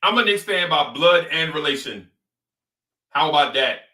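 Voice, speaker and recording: A man's voice: a little high, expressive, moderate pace, sharp tone, roomy sound, distant mic. A man hosting a casual sports talk show, ranting animatedly and repeating phrases for emphasis. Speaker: sports podcast host.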